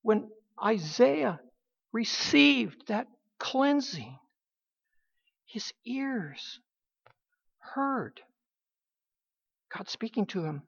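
A woman preaching a sermon in a halting, emphatic way, with many restarts. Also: medium pitch, gravelly, breathy edge. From United States. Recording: dull lo-fi recording.

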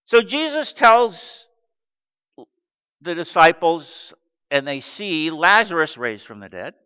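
A man in his sixties preaching a sermon, animated and acting out the quotes he tells. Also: on the high side, clean tone. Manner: animated, acts out quotes in character. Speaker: pastor. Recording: dull recording with long hall reverb.

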